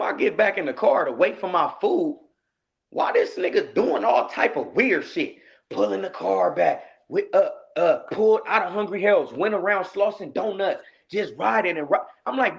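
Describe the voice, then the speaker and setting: A man telling a story in a casual interview, animated and acting out the lines he quotes. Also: high-pitched, moderate pace, muffled recording. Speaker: guest, rapper.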